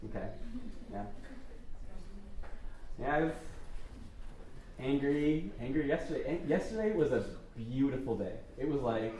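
A man's voice: medium pitch, a little mellow. A man, a pastor, giving an informal, chatty and self-deprecating sermon to his congregation. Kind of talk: conversational sermon. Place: church hall. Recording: echoey hall from far off, faint noise.

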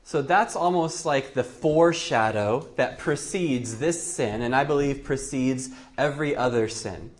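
A man's voice: mid-range voice, unhurried, few pauses. A male preacher giving a Bible teaching sermon, thinking aloud with frequent restarts. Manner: thoughtful, with frequent restarts and fillers.

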